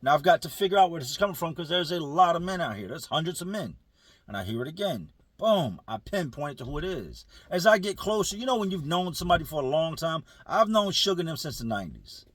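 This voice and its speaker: A man's voice: on the high side, expressive, fast, a bit bright, no room sound. A man telling a prison story casually to viewers, using street slang and speaking to them directly.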